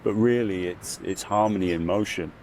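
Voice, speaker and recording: A man with a fairly low voice speaks as a podcast guest, telling his own story in a casual, heartfelt way. He fills his sentences with "you know" and lifts into loud, high bursts when he relives the hard parts. A faint hum of noise sits behind him. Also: normal speed. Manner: earnest, reflective storytelling with frequent "you know". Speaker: podcast guest, spiritual guide. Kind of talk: casual conversational interview.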